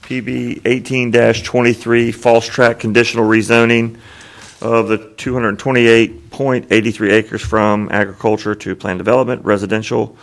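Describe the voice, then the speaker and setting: A man's voice: medium pitch, little pitch movement, moderate pace. A man on a county board reading a rezoning motion aloud in a careful, methodical way. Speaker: board commissioner.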